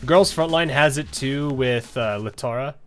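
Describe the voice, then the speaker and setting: A man's voice: mid-range voice, measured pace, faint music behind. A man giving casual, rambling gameplay commentary, chatting and thinking aloud as he plays. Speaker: game streamer.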